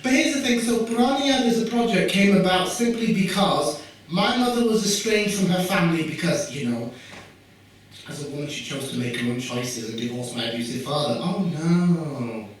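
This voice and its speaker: A man's voice: on the high side, moderate pace. A young man from Yorkshire with a Yorkshire accent, telling jokey stories to the audience at a community event. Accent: Yorkshire English. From Yorkshire, England. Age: young adult. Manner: jokey, animated, asides to the audience. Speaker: youth worker giving a talk. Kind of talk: storytelling talk at a community event. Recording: echoey room from far off with faint noise.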